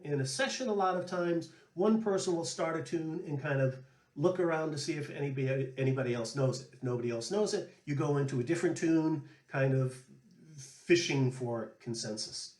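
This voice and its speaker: Male flute player host, anecdotal and relaxed, lightly high voice, echoey room. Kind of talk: storytelling and music tips.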